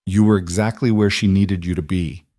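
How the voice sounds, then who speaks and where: A man voicing a kind young frontier woman who speaks gently but firmly, reassuring a frightened family. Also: low-pitched, steady tone, normal speed, dry recording, studio quality, close to an everyday voice.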